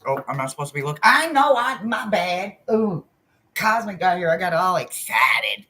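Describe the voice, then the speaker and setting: A lowish-voiced woman at a moderate pace hosts a casual live chat as a spiritual reader. She speaks directly and bluntly to viewers, swears freely, stays animated, and swings between loud and soft, with slight background noise behind her.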